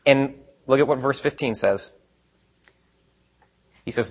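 Husky man preaching conversationally. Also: mid-range voice, slow pace. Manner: conversational preaching with rhetorical questions, swings between quiet and emphatic. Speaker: pastor. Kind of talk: sermon.

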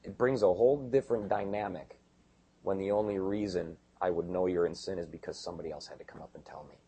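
A middle-aged man preaching a sermon in a conversational, joking way, slipping into quick voices of the people he describes. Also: low-pitched, steady tone, dark tone, husky. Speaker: pastor.

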